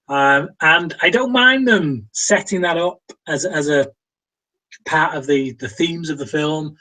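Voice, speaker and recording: A British man hosts a casual film review chat and speaks slowly and deliberately. He is opinionated and often stops on ums and restarts his sentences. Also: a little high, pushed and bright, rough recording. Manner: opinionated, frequent fillers and restarts.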